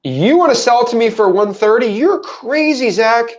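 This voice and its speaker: A man's voice: very high-pitched, lively intonation, moderate pace, voice pushed up. A man playing a smug male property investor who scoffs at what he thinks is a foolish seller. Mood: scoffing.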